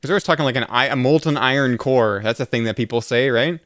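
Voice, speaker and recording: A man playing a trivia board game, answering in an easygoing way and reasoning out loud. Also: mid-range voice, fast talker, dry recording, clean studio sound. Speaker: game player. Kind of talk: casual chat over a board game.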